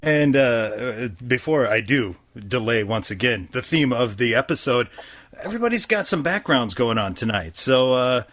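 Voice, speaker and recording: A man's voice: mid-range voice, lively intonation, moderate pace, a bit bright. A man hosting a podcast in casual chat, laid-back and rambling with plenty of fillers. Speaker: podcast host.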